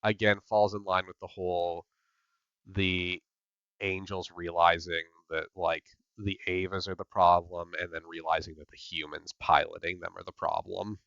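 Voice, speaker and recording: A man's voice: low-pitched, level tone, normal speed, gravelly, fairly bright tone, no room sound, highs cut off. A man hosting a podcast recap, chatting casually with lots of "like" and "yep" fillers. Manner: filler-heavy, repeats "yep" and "like". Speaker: podcast host.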